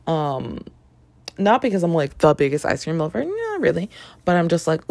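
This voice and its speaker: A young woman chatting casually in a book review vlog, animated and given to swearing and laughing. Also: deep voice, normal speed, creaky.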